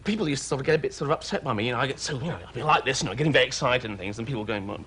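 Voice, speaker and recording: A middle-aged man from Wales with an English accent, a talk show guest joking deadpan about absurd things and laughing often. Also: mid-range voice, rapid-fire, husky. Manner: playful, deadpan absurd humour with frequent laughs.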